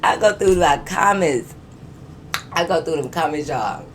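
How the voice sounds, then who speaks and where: Animated low-voiced woman telling a story. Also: a little slow, a little hiss or hum. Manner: animated, laughing often, talks straight to viewers; profane and emphatic. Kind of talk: casual storytime vlog.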